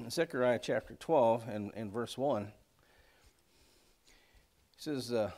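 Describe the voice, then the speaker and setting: A man's voice: medium pitch, slow pace, a little mellow. A man leading a casual church Bible class in a folksy, rambling way, with many fillers and asides. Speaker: Bible study teacher.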